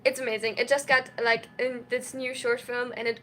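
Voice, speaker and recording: A young woman chatting casually on a live stream, reading and answering chat messages in an excitable, tired way from a small dorm room. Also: a little high, measured pace. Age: young adult. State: sleep-deprived, tired.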